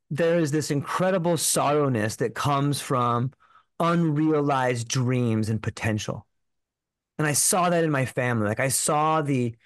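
A man's voice: on the high side, no echo. A man telling a personal story as a podcast guest, in an earnest, rambling way full of filler words.

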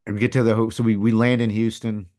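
A middle-aged man telling a personal story as a podcast guest, candid and rambling, his voice dropping to a hush and rising again. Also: on the low side, little pitch movement, quick pace. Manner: candid, rambling, swings between loud and hushed. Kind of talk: casual storytelling.

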